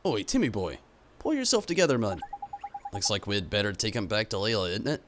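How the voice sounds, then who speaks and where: A man voicing a cheeky, gruff little fairy man who blusters and scolds. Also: on the low side, big pitch swings, fairly quick, background noise. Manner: boisterous, blustering. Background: game music.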